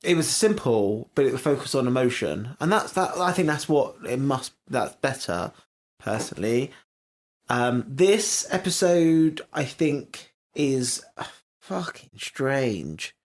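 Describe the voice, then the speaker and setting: A man's voice: medium pitch, big pitch swings, takes it slowly. A young man co-hosting a podcast, chatting bluntly and swearing freely as he reviews a TV episode. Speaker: podcast co-host. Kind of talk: casual chat reviewing a TV episode.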